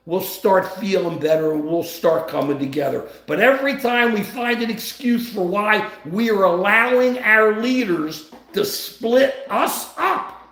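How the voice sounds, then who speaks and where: Preachy podcast host guy, high gravelly voice, keeps repeating himself, roomy echo. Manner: emphatic, preachy, repeats phrases. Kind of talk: impassioned political talk.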